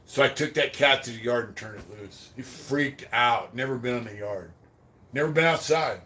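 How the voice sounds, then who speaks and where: A man's voice: medium pitch, normal speed. A man hosting a podcast, telling prison stories in a rambling, profane way and thanking viewers for super chats. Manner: rambling, profane, trails off quietly. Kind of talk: casual storytelling about prison life.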